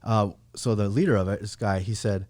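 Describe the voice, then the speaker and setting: A real estate agent guesting in a podcast studio tells a personal story in a laid-back, casual way, peppering it with "bro" and "like." His voice is on the low side, steady in tone, brisk and a little mellow.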